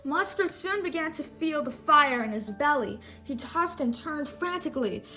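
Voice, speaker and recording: High-voiced woman reading a storybook. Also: expressive, normal speed, sharp tone, soft background music, rough recording. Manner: stumbles and rereads words. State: sore throat. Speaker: storybook reader. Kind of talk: reading a picture book aloud.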